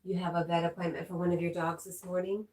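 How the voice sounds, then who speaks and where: Middle-aged woman, livestream host, deep voice, chatty, answers comments. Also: flat delivery, fast talker. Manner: chatty, warm, giggly asides. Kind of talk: casual livestream chat reading comments.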